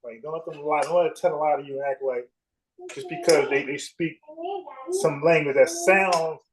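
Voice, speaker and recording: A man's voice: fairly high pitch, normal speed, crowd noise. A man from South Carolina hosting a livestream, talking bluntly and profanely, repeating words when he gets fired up. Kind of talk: casual heated debate.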